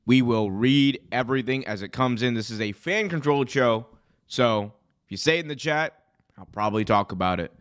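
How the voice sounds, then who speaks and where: A young man who is hoarse from being sick, hosting a live wrestling commentary stream in a chatty, rambling way that often corrects itself. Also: medium pitch, brisk. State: hoarse, recovering from illness. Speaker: wrestling show host.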